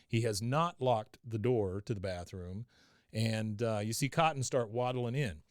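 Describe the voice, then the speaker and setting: A man's voice: lowish voice, a little slow, no echo, studio quality. Man casually recapping a cartoon episode. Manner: storytelling, laughs often. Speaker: podcast host.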